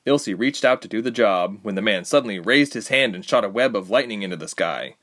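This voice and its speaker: A man narrating a fantasy audiobook with expressive storytelling. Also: lowish voice, fairly quick. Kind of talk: scripted narration.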